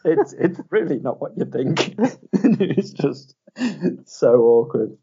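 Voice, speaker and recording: A man co-hosting a podcast tells stories in a husky, mellow voice and laughs as he talks. The sound is muffled and lo-fi. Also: medium pitch, fairly quick. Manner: laughs through his stories, chatty. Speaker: podcast co-host. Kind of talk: casual storytelling chat.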